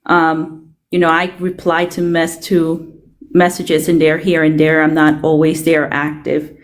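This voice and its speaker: A woman's voice: deep voice, completely flat delivery, a little slow. A woman speaking as a livestream guest, blunt and defensive with many ums. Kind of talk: casual chat.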